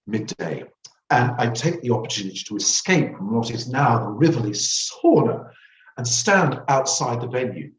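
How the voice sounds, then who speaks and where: A man reading aloud from his own memoir in a wry, theatrical storytelling manner. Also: mid-range voice. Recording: roomy, distant mic.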